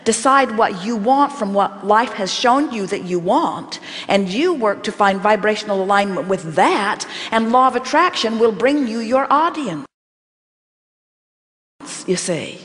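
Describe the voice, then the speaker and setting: A woman giving an inspirational workshop talk, speaking as a collective "we" in a measured, emphatic way. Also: mid-range voice, expressive, fairly bright tone, in a large hall. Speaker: channeled spiritual teacher speaking as a collective.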